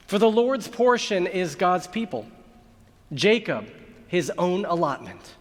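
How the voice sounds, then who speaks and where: A man's voice: sits high, lively intonation, a little slow. A man who is a rabbi, giving a sermon and telling a joke as a story, acting out the voices of its characters. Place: large synagogue sanctuary. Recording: long hall reverb.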